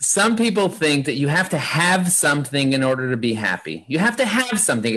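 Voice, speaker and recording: A man talking as an interview guest in an energetic, preachy, motivational way, driving his points home with repeated lists. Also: medium pitch, a little fast, hardly any pauses. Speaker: guest, marketing agency founder.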